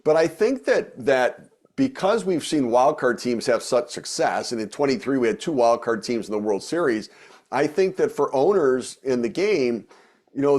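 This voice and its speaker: A man's voice: mid-range voice, a little mellow. Rambling middle-aged man, podcast guest. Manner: rambling, many fillers and restarts. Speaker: guest, former baseball executive and radio host. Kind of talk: casual podcast interview.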